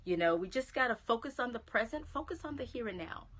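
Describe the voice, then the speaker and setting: Talking fast with lively intonation, a Southern American motivational speaker with a fairly bright, high-leaning voice encourages viewers during a phone or webcam live stream. She chats with them warmly and lowers to a whisper on key phrases.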